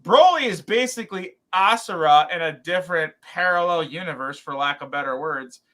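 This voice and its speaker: A man co-hosting a podcast in casual chat, rambling and animated, with many fillers and restarts. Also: fairly high pitch, normal speed. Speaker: podcast co-host.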